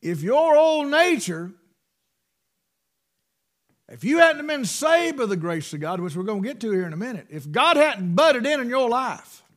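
In a sing-song way and at a normal speed, a middle-aged preacher delivers part of a sermon. His voice is high for a man and leaps widely, swinging from loud, fervent passages to hushed asides.

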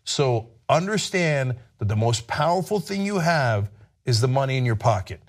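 A man's voice: medium pitch, sing-song, normal speed. A man hosting political commentary, combative and sarcastic in a heated way. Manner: combative and sarcastic, mocking voices.

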